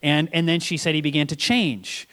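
A man telling a personal story about faith at a quick storytelling pace, acting out quoted voices. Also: fairly high pitch, steady tone, a bit bright. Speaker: Christian speaker. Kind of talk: telling a story in a panel talk.

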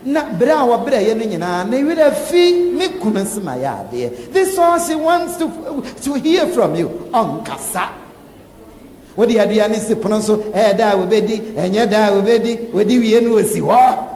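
A man with a Ghanaian accent preaching a sermon, animated and laughing, acting out quoted lines. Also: high voice, normal speed. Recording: echoey hall with faint ambience.

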